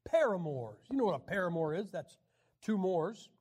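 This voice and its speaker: Man, high voice, wry Bible teacher; lectures with jokes, clears throat a lot. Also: big pitch swings, moderate pace, darkish tone. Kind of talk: joking classroom lecture.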